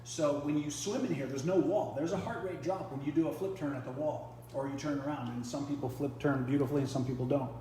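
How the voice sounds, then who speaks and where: A man's voice: a little high, steady tone, fast talker, hardly any pauses, dark tone, slight background noise. A man hosting a live product demo beside a swim spa, chatty, explaining as he goes with restarts. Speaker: host and triathlon coach.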